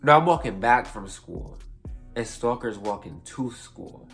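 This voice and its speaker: A man's voice: mid-range voice, expressive, unhurried, vocal fry, fairly bright tone, soft background music. A young man casually telling a storytime tale for a vlog, rambling, swearing freely and correcting himself as he goes. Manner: rambling, profane, self-correcting.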